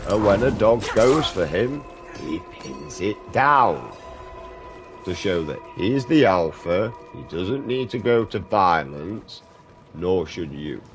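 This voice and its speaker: A man's voice: low-pitched, big pitch swings, takes it slowly, music in the background. A man gaming streamer chatting casually while he plays, blunt and sweary, rambling from point to point. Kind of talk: casual chat while playing a game.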